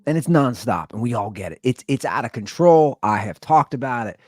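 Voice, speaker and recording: Lively, rambling male podcast host. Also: mid-range voice, brisk, no room sound, studio quality. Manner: rambling, animated storytelling. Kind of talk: casual monologue.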